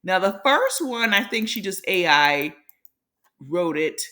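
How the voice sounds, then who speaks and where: Animated woman recapping reality TV. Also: mid-range voice, slow. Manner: chatty, animated storytelling, calls viewers "my loves". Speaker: reality TV commentary host. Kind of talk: casual recap commentary.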